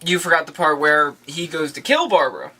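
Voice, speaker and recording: A woman's voice: low voice, lively intonation, a little fast, sharp tone, slightly rough. A woman co-hosting a casual TV recap, playful and jokey, cutting in with her own takes. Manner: playful, giggly, jumps in with jokes. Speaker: podcast co-host.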